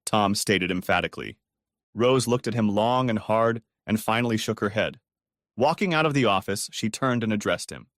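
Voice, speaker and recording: A man's voice: fairly low pitch, animated, moderate pace, fairly bright tone, dry recording, clean studio sound. A man narrating a dramatic storybook audio reading.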